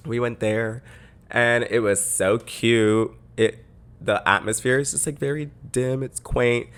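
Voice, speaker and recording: A man's voice: medium pitch, fairly even intonation, a little slow, fairly bright tone, clean tone. A man hosting a podcast, telling a story in a chatty way full of "like" fillers, close to a microphone. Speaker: podcast host. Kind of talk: casual storytelling.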